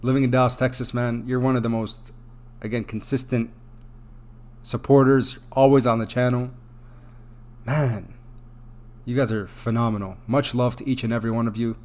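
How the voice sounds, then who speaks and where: A man's voice: mid-range voice, fairly even intonation, normal speed, long pauses, darkish tone. Effusive male crypto livestreamer. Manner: effusive, repeats thanks, gets emotional. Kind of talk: live stream chat, reading super chats.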